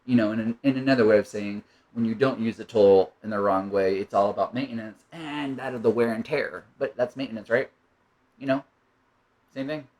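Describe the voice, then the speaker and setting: A man's voice: on the low side, normal speed, darkish tone, poor audio. A man giving a reflective spoken monologue, rambling and musing, often checking in with "right?". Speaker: monologue speaker.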